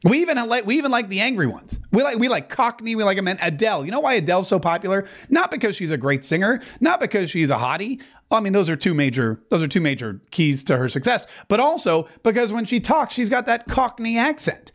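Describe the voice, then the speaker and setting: A man's voice: high voice, big pitch swings, fast, few pauses. A man hosting an opinionated political show, talking in a sarcastic, mocking way with many asides. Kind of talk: opinionated commentary.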